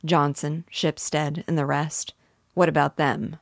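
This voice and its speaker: A woman's voice: sits low, flat delivery, unhurried, creaky, no room sound, clean studio sound, heavily acted. Woman reading as a curt, stern homesteader. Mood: firm. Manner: curt, firm. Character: stern, firm male homesteader. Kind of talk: reading a novel aloud.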